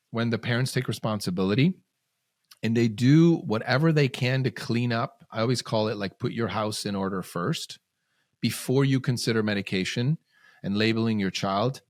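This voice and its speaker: Fairly low in pitch, this man is a guest parenting coach on a casual podcast, speaking sincerely and repeating words as he works out what to say. The recording is dry and clean, with a studio sound.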